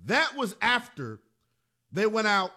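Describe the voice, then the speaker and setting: A man's voice: high voice, big pitch swings, takes it slowly, pushed and bright. A man hosting a sports talk radio show, delivering an emphatic monologue and repeating phrases for punch.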